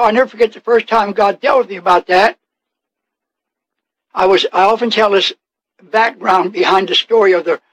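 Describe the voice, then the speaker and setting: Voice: mid-range voice, a bit bright. Fired-up preacher challenging the congregation. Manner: fiery, confrontational, rhetorical questioning; drawls out key words, acts out scripture quotes. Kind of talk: sermon.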